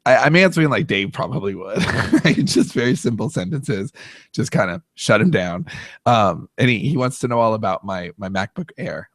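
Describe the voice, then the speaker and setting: A man's voice: lowish voice, dry recording. Podcast guy telling a funny travel story, laughs a lot, dry close mic. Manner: self-deprecating, laughs often, many restarts. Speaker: podcast host. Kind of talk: casual storytelling.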